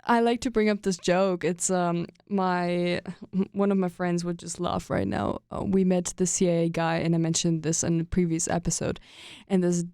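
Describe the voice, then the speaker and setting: A woman's voice: lowish voice, moderate pace, clean tone, no room sound, clean studio sound. A young woman from Germany with a German accent, hosting a casual podcast chat and telling stories with frequent laughs. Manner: animated storyteller, laughs often, trails off mid-sentence. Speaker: podcast host.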